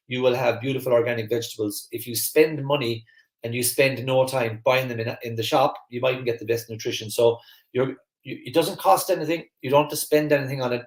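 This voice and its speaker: Fast-talking man with a Kerry accent. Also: mid-range voice, echoey room. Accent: Irish, Kerry. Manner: fast, energetic, chatty, many fillers and restarts. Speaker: host of a live online masterclass. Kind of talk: live-stream talk to viewers, reading the chat.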